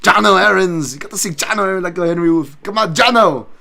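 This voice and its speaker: A man's voice: high voice, fast talker, creaky, sharp tone, pitched above the performer's own voice, exaggerated voice. A man putting on an overdone Danish or Dutch accent, cheering on a fighter in a chanting way. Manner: exaggerated, chanting. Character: hammy Northern European fight fan cheering.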